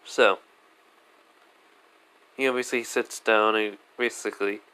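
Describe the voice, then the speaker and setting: A man's voice: lowish voice, steady tone, slow pace, sharp tone, clear, resonant tone. A man casually retelling a fan story, rambling with lots of fillers.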